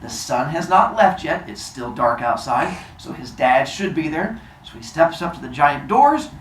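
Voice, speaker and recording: Animated man retelling myths to a class. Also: a little high, moderate pace, reverberant, distant mic, a little hiss or hum. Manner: animated, jokey retelling with asides. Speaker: teacher and storyteller. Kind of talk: casual myth storytelling to a class.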